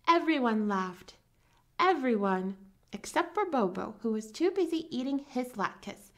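A woman reading a children's story aloud in a gentle, storytelling manner. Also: fairly high pitch, big pitch swings, moderate pace.

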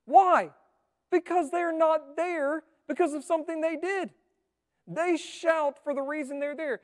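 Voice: high voice, fairly even intonation, unhurried. A preacher delivering a sermon in an earnest, conversational way, asking the congregation rhetorical questions. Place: church sanctuary. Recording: long reverb of a church hall.

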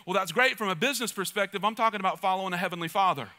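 A man's voice: sits high, very fast, sharp tone. A male pastor preaching a sermon with energy, joking asides and calls to the congregation. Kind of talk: church sermon.

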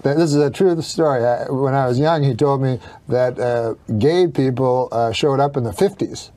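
A middle-aged male comedian telling stories and jokes in a deadpan, drawling talk-show manner. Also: mid-range voice, normal speed, in a large hall.

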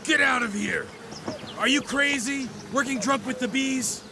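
A man voicing a stressed widowed beekeeper and father in a dubbed film drama, curt and quick to shout. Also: medium pitch, expressive, background noise, lightly acted. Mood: angry.

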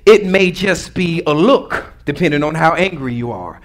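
A man's voice: a little high, expressive, normal speed. A man preaching a sermon as pastor, in a conversational and humorous way, drawing responses from the congregation.

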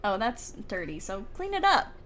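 With a medium-pitched, slightly bright voice that swings hugely in pitch, a young woman talks at normal speed as she casually plays a life-sim game. The gaming YouTuber is chatty and giggly, talking to her characters from a home room whose open window lets in faint outdoor ambience. Slight background noise is also present.

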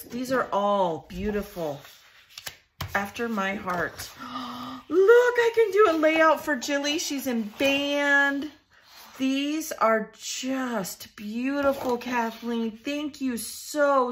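A woman's voice: a little high, a bit bright, slight background noise. A woman vlogger unboxing scrapbooking supplies at her craft desk, gushing and emotional, laughing often in casual chat.

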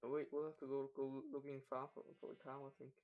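A man's voice: mid-range voice, monotone, fast talker, narrow, tinny audio. A man joining a casual game let's play, joking and stammering, often repeating words. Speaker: guest co-player.

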